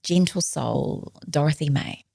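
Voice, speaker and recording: Middle-aged woman, podcast guest, earnest reflective storyteller, deep voice, mellow tone, dry close sound. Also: measured pace, creaky, husky, dry recording. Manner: earnest, drops to a soft whisper when quoting others.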